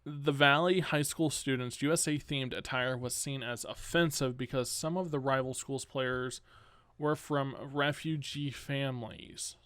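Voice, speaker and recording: A man hosting a solo news commentary podcast, reading news items aloud and cutting in with sarcastic, exasperated remarks that jump up in pitch. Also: steady tone, a little slow, fairly bright tone, clean tone, no echo. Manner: reads news items, then rants sarcastically; exasperated outbursts with rising pitch. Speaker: podcast host.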